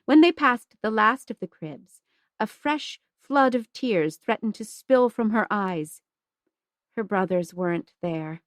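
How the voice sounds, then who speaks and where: A woman narrates a historical novel in an audiobook. Her reading is slow and deliberate, with a mid-pitched voice. The recording is dry and close. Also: lively intonation, no room sound. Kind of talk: scripted narration.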